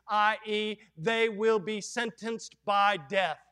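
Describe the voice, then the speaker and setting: Fervent male Baptist preacher, very high voice, dramatic swells in volume. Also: unhurried. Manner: impassioned preaching, swings from hushed to loud. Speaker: Baptist pastor. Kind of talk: sermon.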